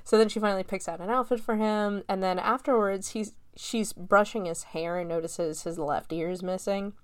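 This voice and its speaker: A young woman in her late twenties talks through a movie she loves, loose and giggly, dropping swear words and "like" everywhere. Her voice sits at an ordinary middle pitch and is recorded close and dry, with almost no room sound. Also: steady tone, moderate pace, dry recording. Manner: laughs often, swears, lots of "like" fillers. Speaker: film reviewer. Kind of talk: casual chatty film recap.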